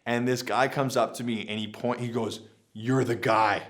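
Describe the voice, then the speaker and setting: A man's voice: medium pitch, fairly even intonation, brisk. A young man casually recounting a personal story, rambling with many fillers and restarts. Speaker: vlogger.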